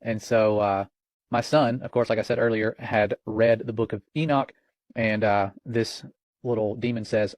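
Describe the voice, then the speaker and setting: A man's voice: lowish voice, steady tone, normal speed, dry recording. A man hosting religious commentary, earnest and warning, retelling a conversation line by line.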